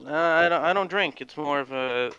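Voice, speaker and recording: A man taking part as a player in a casual tabletop game, playful and quick to laugh. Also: on the high side, bright, forceful tone, smooth, lo-fi sound, soft background music.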